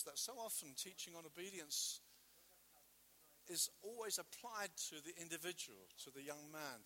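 A man's voice: high-pitched, sharp tone. A man preaching a sermon in an emphatic, conversational way, full of rhetorical questions.

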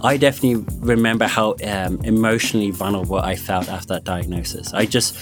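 A middle-aged man with a London accent tinged with Connemara, thoughtfully recounting his own experience with many pauses and restarts. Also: lowish voice, fairly even intonation, music in the background. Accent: London with touches of Connemara. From born in London, family from Galway. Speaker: guest sharing personal experience. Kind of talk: reflective personal account.

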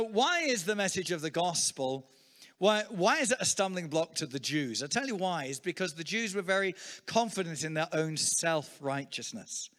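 A man preaches with lively humor, his voice sitting a little on the high side. He is middle-aged and tells stories as part of his sermon. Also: normal speed, in a large hall. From England. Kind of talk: sermon with storytelling.

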